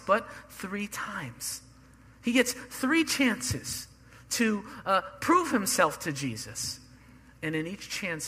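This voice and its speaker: A male pastor delivers an earnest sermon, driving his points home with repetition. His voice sits high and sounds bright and forceful. The sound carries the long reverb of a large church sanctuary. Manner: earnest, builds emphasis through repetition.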